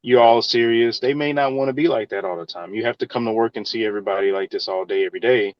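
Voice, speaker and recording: A man with a fairly low voice gives earnest, conversational advice as an interview guest. The sound is dry and a little muffled, with little room echo. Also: fast talker. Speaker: engineer and real estate professional, interview guest. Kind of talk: casual interview answers.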